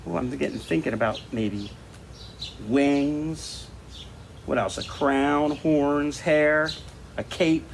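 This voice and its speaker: A man's voice: fairly high pitch, takes it slowly, vocal fry, slight background noise. A man who teaches art, talking casually and thinking aloud while he draws. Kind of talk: casual talk-along art lesson.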